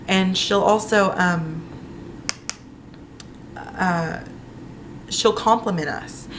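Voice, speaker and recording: A woman's voice: mid-range voice, very slow, a little hiss or hum. A young woman chatting in a casual vlog, telling a personal story with lots of fillers. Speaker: vlogger.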